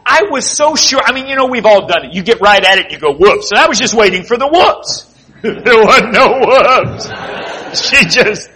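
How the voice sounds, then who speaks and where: A man preaching a sermon, telling animated, jokey stories with sound effects. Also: high voice, moderate pace, husky. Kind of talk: sermon with storytelling.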